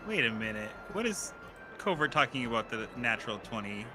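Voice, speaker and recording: A man's voice: medium pitch, sing-song, fairly quick, background noise. A man playing a tabletop game, asking about the rules and describing his character's moves. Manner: inquisitive, asks rules questions. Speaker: player. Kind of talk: casual chat at a tabletop game.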